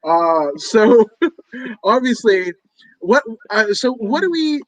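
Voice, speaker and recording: Man, high voice, joking, profane, casual podcast chat, dry close sound. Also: very animated, slow pace, no echo, low-quality recording. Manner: joking, profane, wrestling references. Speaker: podcast co-host. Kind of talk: casual fight-prediction chat.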